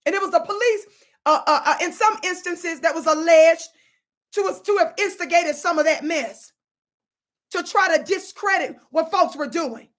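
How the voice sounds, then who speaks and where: A woman's voice: very high-pitched, moderate pace, fairly bright tone. A woman giving sassy, scolding commentary on video clips, full of dramatic asides. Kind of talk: animated commentary chat.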